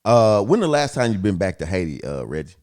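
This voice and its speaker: Blunt, swearing man with a deep voice. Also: very animated, brisk. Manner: loud, blunt, swears freely. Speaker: podcast host. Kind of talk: casual podcast chat.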